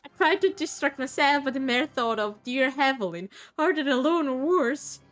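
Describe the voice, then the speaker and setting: A tormented undead man with a put-on accent, as a woman voices him, sounding earnest, dramatic and lovelorn. His voice sits noticeably high, and the lines come out as heartfelt game dialogue read aloud. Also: animated, normal speed, a bit bright. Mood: anguished.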